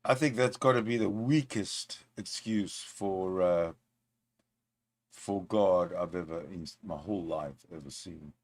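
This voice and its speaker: A man's voice: sits low, measured pace, a little mellow. A man hosting a reaction video, making sarcastic casual commentary and heckling the clip he plays.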